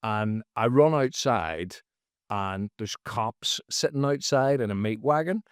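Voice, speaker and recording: A man, a comedian guest on a podcast, telling a story casually and jumping into high, loud voices for the people he quotes. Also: lively intonation, slow, clear, resonant tone, no echo, clean studio sound. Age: adult, former teacher.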